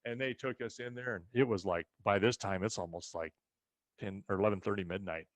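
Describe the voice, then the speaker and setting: An animated male storyteller from the rural western United States co-hosts a ranch show, telling family stories in a casual chat and acting out other people's lines. His lowish voice moves briskly with no room sound.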